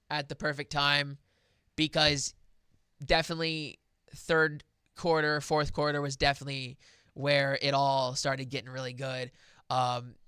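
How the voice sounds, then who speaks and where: A young man hosting a sports podcast, rambling excitedly about football with lots of fillers and restarts. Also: medium pitch, clear, resonant tone, no echo, studio quality. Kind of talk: casual football talk.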